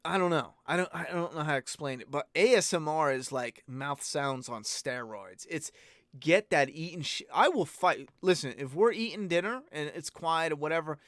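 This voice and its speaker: A man with a somewhat high voice and a dry, close sound, chatting casually as he answers viewers' questions. He rambles, swears freely and gives blunt opinions. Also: animated, normal speed, a bit bright, no echo. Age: adult parent. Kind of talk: casual live-stream Q&A chat.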